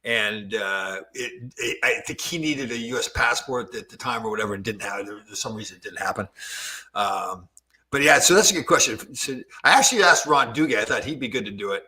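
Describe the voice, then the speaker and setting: A man's voice: mid-range voice, fairly quick. A man in his sixties hosting a podcast, telling stories in casual chat and laughing easily. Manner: storytelling, laughs easily, animated. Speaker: podcast host.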